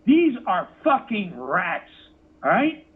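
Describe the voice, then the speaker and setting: A man's voice: high-pitched, huge pitch swings, slow pace, husky. A man interviewed as a rock musician, telling stories with lots of swearing and acting out the other people in them. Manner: swears freely, acts out quotes. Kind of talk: animated storytelling interview. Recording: phone-like narrow audio.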